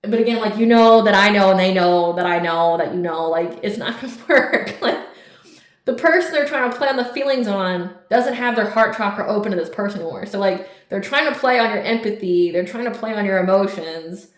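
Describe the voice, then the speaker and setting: A woman giving a casual tarot reading, talking bluntly and emphatically with lots of swearing and "like". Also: on the high side. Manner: blunt, profane, emphatic, fillers of "like". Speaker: tarot reader. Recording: roomy echo.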